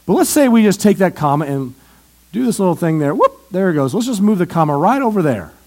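Animated high-voiced male preacher. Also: fairly quick. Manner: animated, questioning the audience. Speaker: pastor. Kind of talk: sermon. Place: church.

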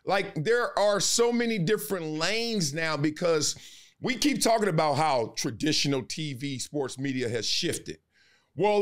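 A man speaking as a guest in a casual interview, animated and emphatic, with a slangy way of talking. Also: high voice. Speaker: podcast guest, sports commentator.

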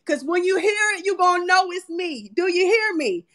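A woman giving a loud, passionate motivational talk to an online audio room. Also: very high-pitched, animated, moderate pace. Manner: loud, passionate, emphatic, preacher-like. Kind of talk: motivational speaking.

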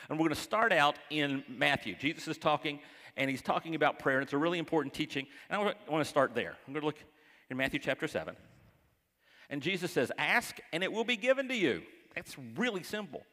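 Folksy joking pastor in a reverberant hall. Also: male voice, a little high, lively intonation, brisk. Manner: folksy, joking asides to the congregation; acts out quoted voices, dropping to hushed tones. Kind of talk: conversational sermon. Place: church sanctuary.

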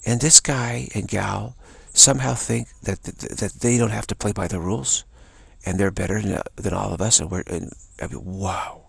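A man's voice: on the low side, steady tone, normal speed, vocal fry, breathy edge, no echo. A man telling a rambling, indignant story in a casual talk. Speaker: spiritual channel host. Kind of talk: casual spoken anecdote.

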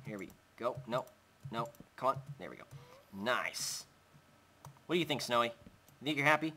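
A man's voice: medium pitch, animated, moderate pace, pushed and bright, a little hiss or hum. A young man hosting a Minecraft let's play, chatting casually as he builds and talking to his in-game pet. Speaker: gaming channel host.

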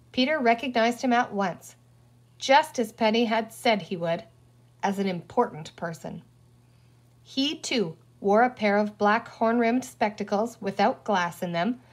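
A woman reading a children's novel aloud with expressive storytelling. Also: fairly high pitch. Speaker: audiobook reader. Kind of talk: children's book read aloud.

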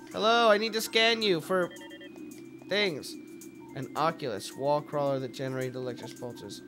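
A young man hosting a let's play, commentating with jokes, swearing and sudden yelps at the game. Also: on the high side. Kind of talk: gameplay commentary.

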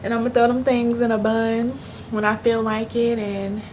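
A woman's voice: fairly high pitch, little pitch movement, normal speed, a little mellow. A young woman chatting casually to her viewers from her bed at home, slangy and talkative, speaking to them as "y'all". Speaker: vlogger. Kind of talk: casual chat to camera. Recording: noisy room ambience behind voice.

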